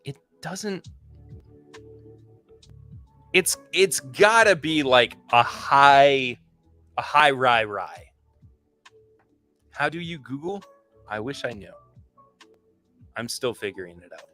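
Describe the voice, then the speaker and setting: A man hosting a laid-back whiskey tasting stream, talking with a bright, forceful edge. His pitch sits in an ordinary middle range. He is chatty and eager, and he rambles and restarts his sentences, with soft music faintly underneath. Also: lively intonation, takes it slowly, pauses often. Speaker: podcast host. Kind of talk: casual livestream whiskey tasting.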